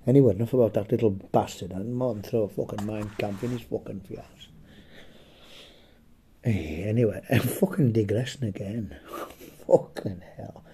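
A man with a slightly hoarse voice telling a rambling, profane comic story, chuckling and tagging his lines with "eh?". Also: lowish voice, moderate pace, mellow, a little hiss or hum. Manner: foul-mouthed, rambling, chuckling, tags lines with "eh?". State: a bit hoarse. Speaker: comedic storyteller. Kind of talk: profane comedic storytelling chat.

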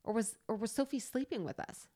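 A woman's voice: a little high, a little fast. A woman in her thirties co-hosting a podcast in casual chat, talking animatedly, laughing often and acting out her stories. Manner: animated, laughing, gestures with whole body. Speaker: podcast co-host.

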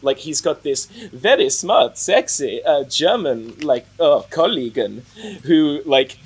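A man chatting casually about a film, rambling with lots of fillers and swearing, animated. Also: fairly high pitch, measured pace, breathy edge. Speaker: podcast co-host. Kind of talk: casual film-review chat.

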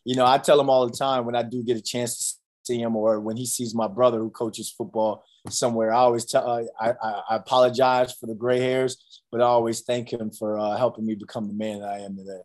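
He speaks briskly at a medium pitch: a man in his thirties, formerly a college football player, recounting tales in a casual interview. Animated and full of fillers, he acts out the quotes as he narrates.

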